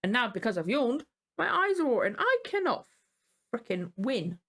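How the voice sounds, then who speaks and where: A woman's voice: on the high side, big pitch swings, normal speed, a bit bright. Rambling, apologetic woman reacting. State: tired and yawning. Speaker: reaction video host. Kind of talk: casual reaction commentary.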